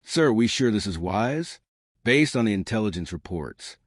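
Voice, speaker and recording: A man's voice: on the low side, very animated, moderate pace, dry recording, clean studio sound. A man doing a hesitant alien aide. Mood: sheepish. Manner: hesitant, apologetic. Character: nervous male alien aide.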